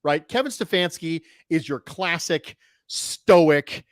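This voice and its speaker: A man hosting a casual sports podcast, talking in an animated way with quick jokey asides. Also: fairly high pitch, no room sound, studio quality. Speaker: show host.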